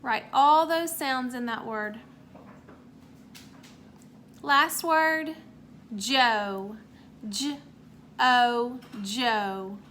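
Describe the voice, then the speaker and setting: Woman teacher, high bright voice, slow careful sounding-out for small kids, light background hum. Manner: slow, clear sounding-out of words; encouraging praise after each answer. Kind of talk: remote phonics lesson for young children.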